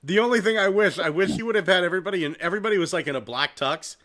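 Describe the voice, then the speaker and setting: Excitable, bright-voiced podcast host man. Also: sits high, rapid-fire. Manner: excitable rambling storyteller, swears freely. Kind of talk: casual comedic podcast banter.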